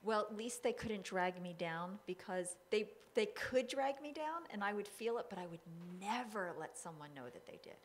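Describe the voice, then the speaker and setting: A woman's voice: mid-range voice, lively intonation, moderate pace, hardly any pauses. A woman hypnotherapist being interviewed, talking emphatically and firmly about her work. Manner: emphatic, forceful, acts out her own demands. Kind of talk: casual interview talk.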